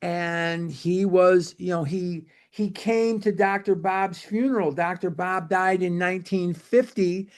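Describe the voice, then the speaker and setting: A man's voice: sits high, fairly even intonation, a little slow, few pauses, darkish tone. A man speaking to a recovery-program book study group in an emphatic, repetitive lecture style. He sometimes spells words out letter by letter.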